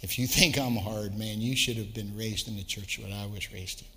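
A man's voice: on the low side, steady tone, moderate pace, sharp tone, big-room sound, slight background noise. A middle-aged man, a pastor, preaching a sermon and telling stories with repeated words. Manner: storytelling with acted quotes, repeats words.

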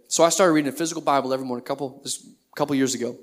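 Slightly high-voiced male pastor preaching casually. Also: expressive, very fast. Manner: conversational preaching with rhetorical questions. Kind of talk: sermon.

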